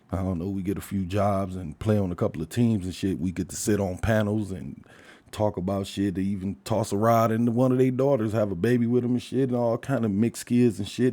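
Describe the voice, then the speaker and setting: An older man hosting a podcast, talking through a loose and profane monologue with frequent laughs. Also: fairly low pitch. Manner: profane, rambling, animated, laughs often. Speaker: podcast host. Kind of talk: casual monologue.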